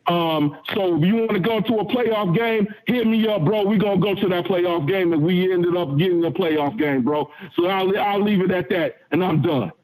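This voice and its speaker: A man's voice: high-pitched, moderate pace, hardly any pauses, darkish tone, poor audio. A man calling into a fan show over the phone, speaking emotionally in a rambling, repetitive way. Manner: emotional, rambling, repeats himself. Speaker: caller. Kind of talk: fan call-in rant. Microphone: phone call.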